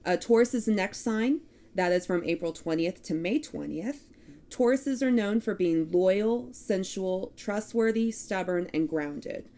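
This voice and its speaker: A woman with a Texan accent, co-hosting a casual chat and reading through lists of traits in a steady cadence. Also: mid-range voice, unhurried. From Texas. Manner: reads list of traits in a steady cadence, laughs at herself. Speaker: podcast co-host.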